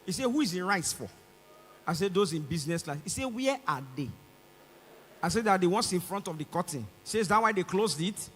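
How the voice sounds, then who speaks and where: A Nigerian man with a Nigerian English accent doing stand-up comedy on a large concert stage, acting out both sides of the dialogue and rising to shouts. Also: high-pitched, animated, brisk, long reverb tail, slight background noise.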